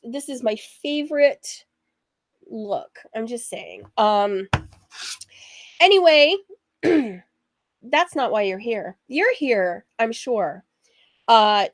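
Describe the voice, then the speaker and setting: Sewing show host, woman, husky from allergies, rambling and unhurried, recorded dry and close. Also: fairly high pitch, no room sound. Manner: rambling, chatty, laughs often. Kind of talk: casual chatty livestream.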